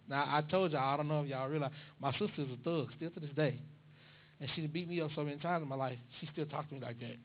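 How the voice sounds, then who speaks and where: High-voiced preacher telling a story. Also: male voice, fast talker, highs cut off. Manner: animated, acts out dialogue. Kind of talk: storytelling sermon.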